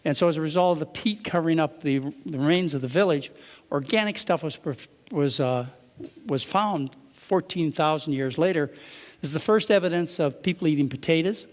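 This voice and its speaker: A man's voice: a little high, a little fast. Man lecturing in a reverberant hall. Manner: conversational, poses rhetorical questions to the audience. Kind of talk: lecture to a live audience. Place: lecture room with an audience.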